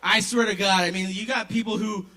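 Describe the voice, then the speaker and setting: A man from Maryland doing stand-up comedy at an open mic, with an animated, punchy delivery. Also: high-pitched, a little fast. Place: kava bar open mic.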